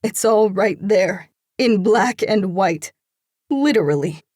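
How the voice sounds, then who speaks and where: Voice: medium pitch, expressive, slow pace, darkish tone, dry recording, clean studio sound, voice pushed up. An audiobook narrator voicing a hurt, angry young woman in a tearful, accusing tone. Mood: distraught.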